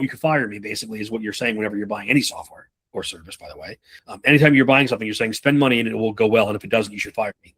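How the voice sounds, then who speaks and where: Guy running a sales training session, talks really fast, swears a lot, acts out little back-and-forth convos. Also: mid-range voice. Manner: animated, profane, acts out buyer and rep dialogue. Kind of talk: live sales training talk.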